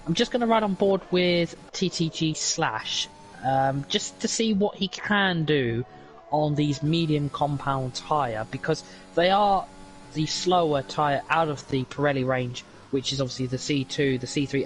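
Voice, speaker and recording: A man's voice: a little high, measured pace, rough recording. A man co-commentating on an esports race, rambling through his analysis with many fillers; his stream audio sounds robotic.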